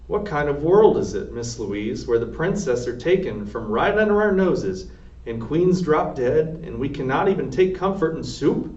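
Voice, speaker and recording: A distraught, ferocious kitchen cook woman, put on by a man reading a storybook aloud, wails in a high, strained voice. Her loud outbursts ring out in a roomy space, heard from a distance on a dull recording. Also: big pitch swings, normal speed. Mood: distraught wailing.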